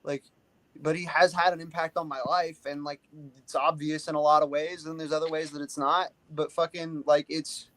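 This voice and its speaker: A man's voice: fairly high pitch, little pitch movement, normal speed, fairly bright tone, no echo, low-quality recording. A man in a casual podcast chat, talking bluntly with lots of swearing and filler words.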